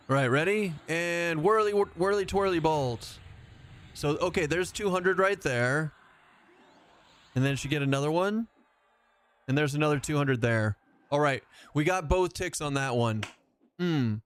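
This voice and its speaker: Chatty man streaming a game. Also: fairly high pitch. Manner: chatty, rambling, self-mocking, laughs often. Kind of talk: live game-stream commentary.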